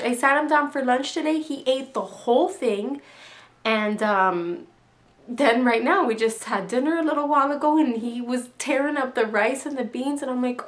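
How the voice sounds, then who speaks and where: A woman's voice: high voice, normal speed. A young woman talking candidly in a casual video diary, a mother who sounds a little emotional. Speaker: vlogger, mother.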